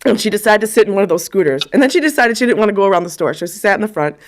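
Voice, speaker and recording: A woman's voice: mid-range voice, lively intonation, racing. A woman in her forties giving a eulogy, telling personal stories in a chatty way with frequent ums. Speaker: eulogist at a funeral.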